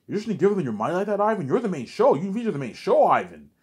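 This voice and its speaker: A man's voice: a little high, sing-song, fast talker, husky, voice pushed up, full character voice. A man voicing a pushy, exasperated male film director who nags and keeps repeating the listener's name.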